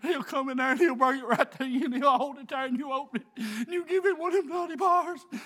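A man preaching a fervent sermon, often breaking into shouts. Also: very high voice, quick pace.

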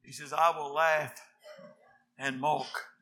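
A man preaching a fiery sermon, reading scripture quietly, then shouting his exhortations. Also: fairly high pitch, flat delivery, slow.

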